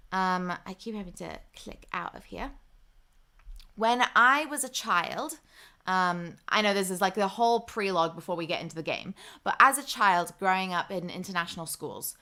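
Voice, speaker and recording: A young woman with an Australian accent hosts a casual livestream. Her voice is bright and forward, and she chats easily as she greets viewers by name. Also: mid-range voice, animated, moderate pace. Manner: chatty, reads viewer comments aloud. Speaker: livestream host.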